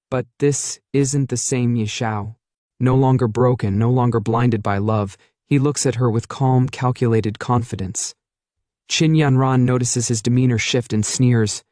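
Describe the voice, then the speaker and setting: A man's voice: medium pitch, fairly even intonation, measured pace, darkish tone, no room sound, studio quality. A man narrating a comic recap as dramatic storytelling.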